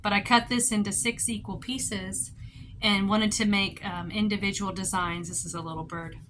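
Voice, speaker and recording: A woman in her fifties giving a casual show-and-tell craft tutorial at a table at home, chatty and rambling, with sudden bursts of excitement. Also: mid-range voice, moderate pace, slight background noise. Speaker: craft vlogger.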